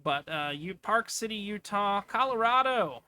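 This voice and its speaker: A man's voice: high voice, animated, measured pace, pushed and bright, clear, resonant tone. A man giving casual, off-the-cuff commentary as he clicks through travel listings, rambling with asides. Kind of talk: casual screen-share commentary.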